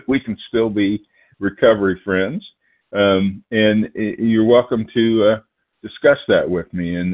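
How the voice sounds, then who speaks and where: Guest speaker, man, from Oklahoma. Deep voice, nervous, halting, keeps clearing his throat. Thin phone-line sound. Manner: halting, many fillers and restarts, clears throat. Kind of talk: phone-line recovery meeting talk.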